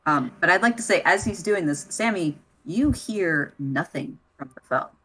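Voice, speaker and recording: A woman with a fairly low voice narrates a tabletop role-play as game master. She talks in a halting way, often pausing on fillers while she describes the scene. Her delivery stays relaxed and conversational. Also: husky.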